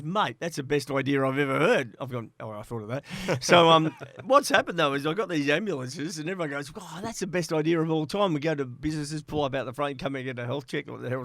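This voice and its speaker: A man's voice: fairly high pitch, fairly bright tone, no echo. A middle-aged Australian man, a guest on an interview podcast, telling stories in a chatty way, acting out quoted dialogue and laughing between lines. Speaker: interview guest, former player agent.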